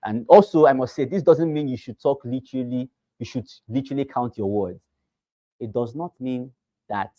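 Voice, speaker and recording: A man teaching real estate agents, who talks fast and with emphasis and repeats phrases to drive them home. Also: medium pitch, dark tone, no echo, muffled recording. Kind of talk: teaching a class.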